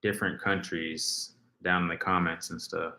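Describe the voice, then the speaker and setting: A man's voice: low voice, flat delivery, moderate pace, bright, forceful tone, echoey room. A man hosting a casual livestream, rambling and reading viewers' comments aloud as he talks. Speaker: livestream host.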